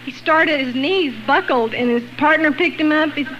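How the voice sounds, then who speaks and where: A woman telling a personal faith testimony in a lively way, acting out the voices she quotes. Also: high voice, normal speed, lo-fi sound, slight background noise. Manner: lively, acts out quoted voices, laughs between lines. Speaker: guest sharing a personal testimony. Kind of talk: animated storytelling testimony.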